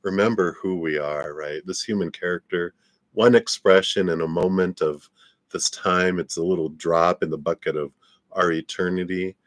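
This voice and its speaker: A man's voice: low voice, fairly even intonation, normal speed, no echo, studio quality. A man giving a live-stream tarot reading in a laid-back, rambling way, often laughing and trailing off. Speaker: tarot reader.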